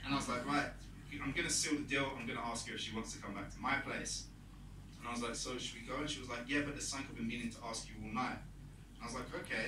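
A man's voice: mid-range voice, fairly even intonation, racing, noisy background. British man doing stand-up in a roomy club. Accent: British English. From Britain. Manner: rambling, self-mocking, acts out quoted dialogue. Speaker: stand-up comedian. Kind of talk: stand-up comedy set. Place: comedy club stage. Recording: roomy club sound from a distance. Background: audience laughter.

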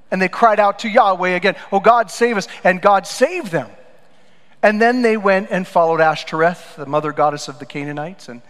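A pastor preaching a sermon, telling stories and swinging between loud emphatic lines and quiet low asides. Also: male voice. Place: church sanctuary. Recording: church hall with long reverb.

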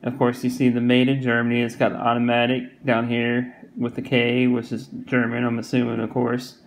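A man's voice: mid-range voice, completely flat delivery, normal speed, creaky, low-quality recording. A man with a Southern US accent giving a casual, rambling product review, full of fillers and repeated phrases. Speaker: watch reviewer.

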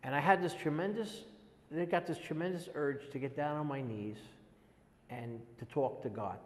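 A man in his sixties, an interviewee giving a halting, earnest personal testimony and often repeating words as he goes. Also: fairly high pitch. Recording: long echoey reverb.

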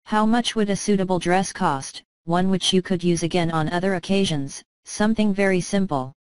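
A woman reading aloud as a timid husband who is a minor clerk, stammering a little and eager to please his wife. The voice sits low and smooth, recorded close and dry. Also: normal speed, no room sound, lightly acted. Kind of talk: storybook reading.

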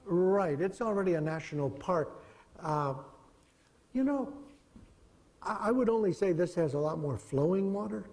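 A middle-aged man lecturing a class in a relaxed, digressive way, his voice gravelly and mellow. He sits a little high in pitch for a man. The sound carries a long reverb from the lecture hall. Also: moderate pace, pauses often. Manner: conversational, digressive, chuckling.

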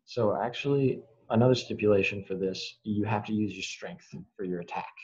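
A man's voice: lowish voice, darkish tone. Young male game master, casual and laughing easily, on dull video-call audio. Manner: casual, quick to laugh, improvising rules on the fly. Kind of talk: running a tabletop game over a video call.

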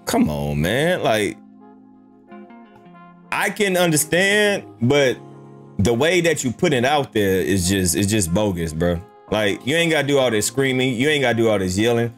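A man's voice: mid-range voice, big pitch swings, moderate pace, faint music behind. A man hosting a YouTube reaction, talking casually and incredulously, firing off rhetorical questions.

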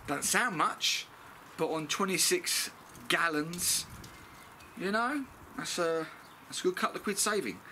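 A man's voice: high-pitched, lively intonation, unhurried, long pauses, bright, forceful tone, a little hiss or hum. A middle-aged British man chatting bluntly through a DIY car service, swearing freely as he works. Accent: British English. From Britain. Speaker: DIY car mechanic vlogger. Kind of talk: casual how-to commentary.

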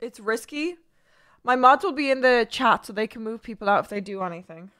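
A woman's voice: on the high side, lively intonation, a little fast, fairly bright tone. A young Irish woman streaming live, chatting bluntly to her viewers and swearing constantly. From Ireland. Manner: blunt, heavy swearing, rambling asides to chat. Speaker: livestreamer. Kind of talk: casual livestream chat.

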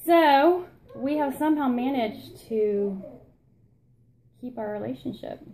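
A woman's voice: sits high, animated, takes it slowly, dark tone, a little hiss or hum, low-quality recording. A woman co-hosting a casual vlog, from Florida, telling a rambling, chatty story about herself and her sister. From Florida, USA. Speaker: vlog co-host. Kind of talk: casual chat.

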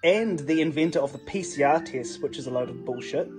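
A man's voice: on the high side, brisk, a little mellow, soft background music, lightly acted. A man playing an indignant middle-aged anti-vax ranter. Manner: indignant, ranting.

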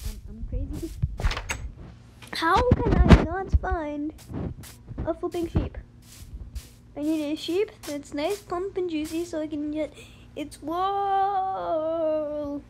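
A high-voiced young gamer chatting casually and humming little tunes while playing on a phone. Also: heavy background noise. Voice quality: high-pitched voice. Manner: chatty, rambling, with playful sing-song humming. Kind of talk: casual let's-play commentary.

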